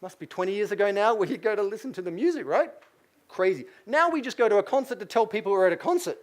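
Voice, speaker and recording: A middle-aged Australian man giving a business keynote lecture, lively, asking the audience questions. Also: high voice, quick pace. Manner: lively, asks the audience questions, acts out quotes. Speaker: keynote speaker.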